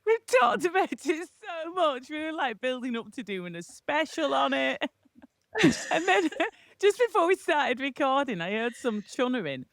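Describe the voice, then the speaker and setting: A woman's voice: sits high, big pitch swings, measured pace, creaky, fairly bright tone, no room sound. A woman co-hosting a podcast, teasing her co-host in a casual chat. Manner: teasing, playful.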